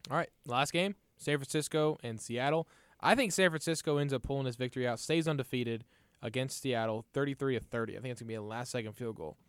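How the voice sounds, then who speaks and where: A man leads a casual sports chat in an upbeat, chatty way. He is a little under the weather. His voice sits at an ordinary pitch and sounds dry and close to the mic. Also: fast talker, smooth, no echo.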